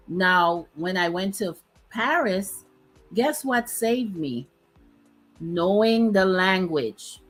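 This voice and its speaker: A woman in her fifties hosts a relaxed chat, her voice sitting low and her pace unhurried. She makes her points in short, emphatic phrases, and faint music plays underneath. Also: poor audio. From Dominica. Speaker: host. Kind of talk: casual chat.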